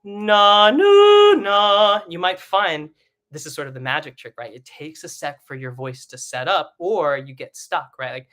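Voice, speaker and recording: A man teaching a live online singing lesson, talking in a relaxed, chatty way and often asking "right?", and breaking into short sung vowels that leap up into a high head voice. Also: moderate pace.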